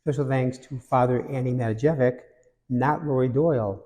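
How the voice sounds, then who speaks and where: A male priest gives a homily in a relaxed, conversational way, mixing jokes with reflection. His voice is mellow and mid-pitched, and it rings with the long reverb of a large cathedral. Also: normal speed.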